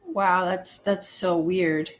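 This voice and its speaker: A woman from Canada hosting a casual live chat, reading viewer comments aloud and musing on them, laughing often and pausing with fillers. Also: lowish voice, steady tone.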